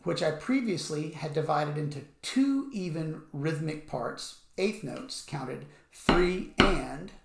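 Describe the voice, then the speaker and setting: A man teaching music rhythm, explaining patiently and counting beats out loud. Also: a little high, gravelly. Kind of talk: instructional explanation with counting aloud. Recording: echoey room.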